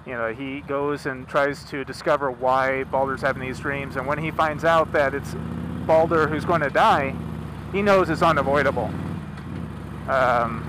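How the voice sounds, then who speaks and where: A man's voice: medium pitch, measured pace. A man casually retelling a myth from inside a car, rambling with chatty asides. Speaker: storyteller. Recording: car engine noise behind.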